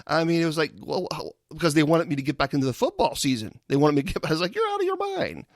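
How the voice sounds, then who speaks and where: A man hosting a live show, reading listener comments aloud and reacting with loud exclamations. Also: fairly high pitch, rapid-fire, no room sound, clean studio sound. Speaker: host.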